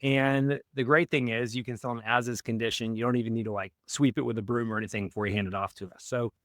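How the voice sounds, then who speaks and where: A man's voice: medium pitch, fast talker, dry recording, clean studio sound. A man explaining cold-calling step by step in a podcast interview, upbeat and coaching, often checking in with "right?". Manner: energetic, instructive, frequent "right?" check-ins. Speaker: real estate wholesaling guest.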